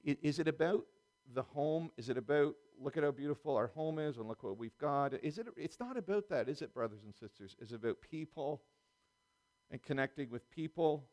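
A man's voice: on the high side, darkish tone. A middle-aged man preaching a sermon in a conversational way, full of restarts and small chuckles.

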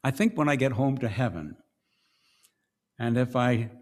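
A middle-aged man preaching a sermon, slow and deliberate, swinging between hushed and raised passages. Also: medium pitch, lively intonation. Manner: slow, with dramatic swings between soft and loud.

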